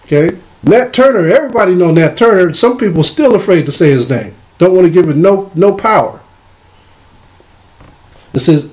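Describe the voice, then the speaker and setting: A man teaching a religious lesson. He reads verses slowly and then explains them in loose, casual speech. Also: high voice, lively intonation, a little mellow. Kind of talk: scripture reading with commentary.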